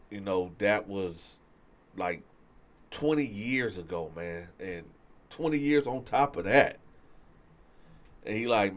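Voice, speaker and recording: A man telling a story in a casual, animated way, acting out the quotes and asking "right?" often. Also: on the low side, measured pace, long pauses. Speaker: storyteller host.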